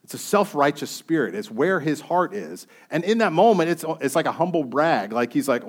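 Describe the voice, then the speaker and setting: A man's voice: a little high, big pitch swings, moderate pace, few pauses, slightly rough. Man preaching a conversational sermon. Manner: conversational, reads scripture aloud, asks the congregation questions.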